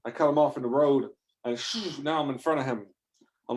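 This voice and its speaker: A man's voice: mid-range voice, fairly even intonation, brisk, darkish tone. A man improvising a rambling comic story, talking in a loose, profane way with sudden exaggerated outbursts. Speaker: comedic storyteller.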